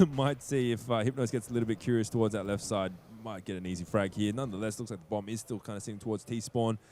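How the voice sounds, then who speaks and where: A man calling a competitive shooter match play-by-play, excitable and quick to laugh. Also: on the low side, a little hiss or hum. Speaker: esports play-by-play caster. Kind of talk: fast play-by-play commentary.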